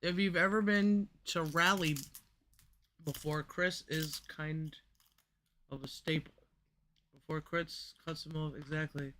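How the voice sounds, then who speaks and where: A man's voice: a little high, steady tone, a little slow, pauses often, pushed and bright, slight background noise. A man hosting a reaction video, making incredulous, wisecracking asides about clips. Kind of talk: casual reaction commentary.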